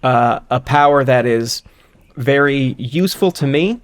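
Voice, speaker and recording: A man's voice: medium pitch, measured pace, clear, resonant tone. A man co-hosting a podcast, reasoning through a hypothetical in casual, rambling chat with a wry edge. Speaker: podcast co-host.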